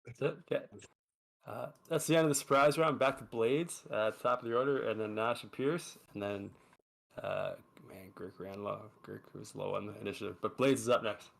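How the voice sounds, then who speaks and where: A man running a tabletop game as its dungeon master, chatty and quick, with lots of fillers. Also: on the low side, creaky.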